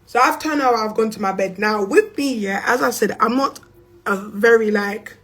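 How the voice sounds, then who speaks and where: A woman's voice: fairly high pitch, normal speed, soft background music. A young woman with a London accent telling a story on a livestream in a blunt, profane, slangy way. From England. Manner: blunt and profane, slangy, animated with bursts of laughter. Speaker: influencer on a livestream.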